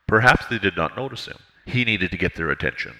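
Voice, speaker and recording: A man narrating an audiobook in a measured, steady reading. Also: low voice, low-quality recording.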